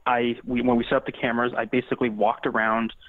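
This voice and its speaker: A man's voice: mid-range voice, flat delivery, quick pace, no room sound. A man explaining his ghost-hunting experiments in loose, rambling talk full of restarts. His voice comes through a tinny, phone-like line with no room sound at all. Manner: rambling, many restarts and fillers. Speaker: paranormal investigator guest. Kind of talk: casual interview talk.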